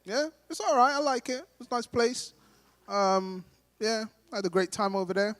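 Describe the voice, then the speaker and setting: A man's voice: sits high, expressive, moderate pace, a bit bright. A young man with a London accent doing a chatty stand-up set, talking straight to the crowd and acting out the people in his stories. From Britain. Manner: chatty, addresses the crowd directly, acts out quoted voices. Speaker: stand-up comedian. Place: large hall at a gala dinner. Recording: live hall with long reverb.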